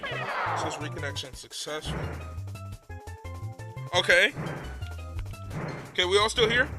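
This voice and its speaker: A young man streaming a retro game, chatting casually with his viewers, excitable and prone to repeating himself when nervous. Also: high-pitched, slow, loud music behind the voice. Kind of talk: casual live-stream chat.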